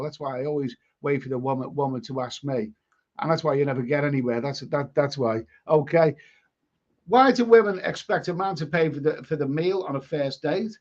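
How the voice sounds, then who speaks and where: A man from England hosting a casual live stream, reading chat comments aloud and giving blunt opinions, often repeating and restarting his words. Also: on the high side. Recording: dull lo-fi stream audio.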